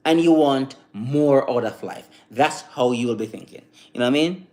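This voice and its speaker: Rambling motivational man on a live stream. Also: mid-range voice. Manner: rambling, repetitive, with many "you know" fillers; recites slow calm affirmations. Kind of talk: casual motivational talk.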